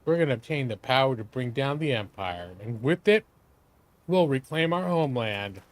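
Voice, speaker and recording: A man's voice: medium pitch, animated, moderate pace, natural voice. A man voicing a defiant male rebel fighter, reading game dialogue aloud in a declaiming way.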